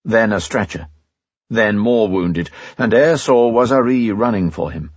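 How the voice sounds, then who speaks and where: A man reading a novel aloud as an audiobook narrator in a steady, even way. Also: on the low side, unhurried, no echo, lo-fi sound. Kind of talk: scripted narration.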